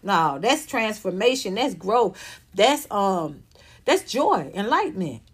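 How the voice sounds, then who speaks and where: A woman's voice: mid-range voice, big pitch swings, slow pace, husky. A woman in her fifties ranting in an emphatic, profane monologue, often repeating herself. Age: 50s. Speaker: vlogger.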